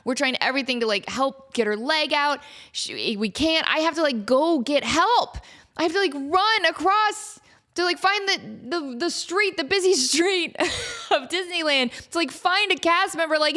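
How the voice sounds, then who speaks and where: A woman in her thirties hosting a podcast, telling a comic family story in an animated way and acting out the people in it. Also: extremely high pitch, normal speed. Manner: animated, often laughing, acts out the people in her stories. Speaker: podcast host.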